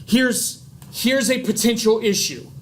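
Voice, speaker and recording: A man's voice: very high voice, slow pace, a little hiss or hum. A man giving a classroom biology lecture in a chatty, casual way, with jokey asides and frequent checks of "right?".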